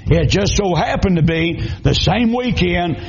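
Gravelly high-voiced Southern preacher. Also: male voice, expressive, unhurried. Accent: Southern American (Georgia). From South Georgia, USA. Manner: folksy storytelling, humorous, raising voice to preach. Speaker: pastor. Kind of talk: sermon. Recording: dull lo-fi recording.

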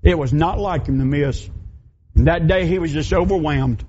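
A man's voice: a little high, normal speed, warm tone, slight background noise. A middle-aged man, a pastor preaching and telling a story in folksy, emphatic, repeating phrases. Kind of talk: sermon storytelling. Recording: dull lo-fi recording.

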